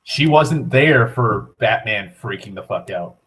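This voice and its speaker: Speaking low-ish, expressive, and unhurried with a bit of brightness, a young vlogger rambles through a casual rant. He curses a lot, leans on "like," and keeps starting his sentences over.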